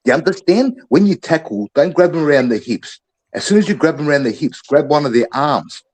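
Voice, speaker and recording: A man's voice: fairly high pitch, expressive, a little fast, darkish tone, low-quality recording. Fired-up Australian man ranting about footy. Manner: fired-up, profane, ranting like a coach. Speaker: podcast panelist. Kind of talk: heated sports chat.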